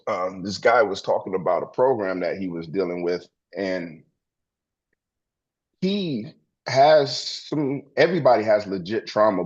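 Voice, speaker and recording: Male co-host, low voice, earnest rambler, lo-fi dull sound. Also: a little mellow, breathy edge. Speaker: podcast co-host. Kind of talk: casual spiritual chat.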